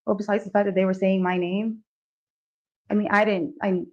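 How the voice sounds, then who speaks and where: A woman giving courtroom testimony, answering softly and hesitantly with restarts and a polite "yes, ma'am". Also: medium pitch, level tone, normal speed. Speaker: defendant testifying at trial. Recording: dull courtroom audio.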